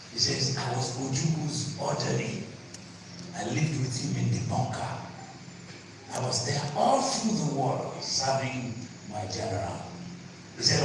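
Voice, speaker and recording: A man with a Nigerian accent preaching to a live audience, telling a story with animated, shouted voices of the crowd. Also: medium pitch. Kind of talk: sermon storytelling. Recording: echoey hall, distant mic, noisy.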